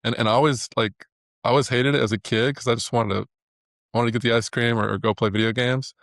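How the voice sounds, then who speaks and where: A man's voice: medium pitch, fairly even intonation, fast talker, a bit bright, no room sound, clean studio sound. A man speaking as an interview guest, telling his story earnestly with many restarts and repeated words. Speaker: guest, animator. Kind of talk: reflective interview talk.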